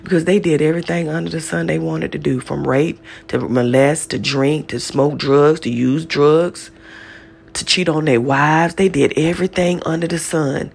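A woman's voice: steady tone, moderate pace, creaky, breathy edge. A woman giving an impassioned, preacherly testimony, blunt and profane, telling her story to listeners. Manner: preacherly, profane, builds to high shouted pitch when retelling.

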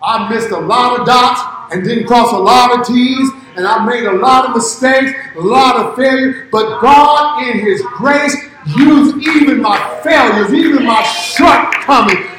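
A man preaching a sermon as pastor, shouting in rising bursts and dropping low and quiet in between. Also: a little slow, hardly any pauses, heavy reverb, faint music behind, poor audio.

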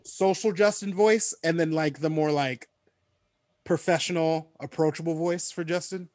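A man's voice: a little high, normal speed, no room sound, studio quality. Emphatic podcast host, man. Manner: animated, emphatic, joking. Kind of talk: casual podcast conversation.

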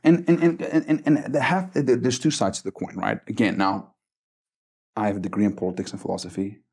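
Guesting on a faith podcast, this South African man, who leads a missions base, shares stories with real earnestness. His fairly low, husky voice is gravelly and darkish and runs a little fast, and he trips over repeated words while asking "right?" along the way.

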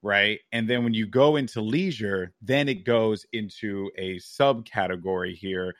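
A man's voice: on the low side, a little slow, no echo, studio quality. A man co-hosting a podcast, chatting casually in a loose, rambling, jokey way with bursts of mock outrage. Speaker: podcast co-host. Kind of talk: casual chat.

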